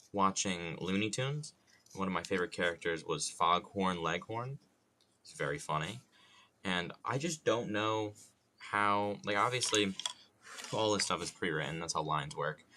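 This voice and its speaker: A man's voice: low voice, sharp tone, a little hiss or hum. A man streaming while he carves wood, chatting casually, joking and muttering to himself with some mild swearing.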